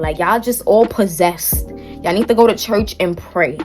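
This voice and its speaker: A woman's voice: mid-range voice, normal speed, soft background music. A young woman vlogger telling a family story in a casual, sassy way, full of slang.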